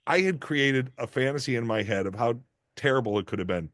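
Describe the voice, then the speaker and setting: A middle-aged man talks through anecdotes in a casual interview, self-deprecating and animated, often stopping and restarting mid-sentence. His voice sits in a medium register, and the sound is dry and close. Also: medium pitch, brisk, no room sound. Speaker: actor and guest.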